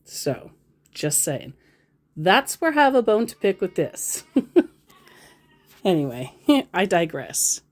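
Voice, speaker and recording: A woman's voice: on the low side, big pitch swings, takes it slowly, long pauses. A woman hosting a scambaiting video, giving dry, sarcastic commentary on a scammer's messages. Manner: sarcastic, wry asides. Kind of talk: dry commentary on a scam chat.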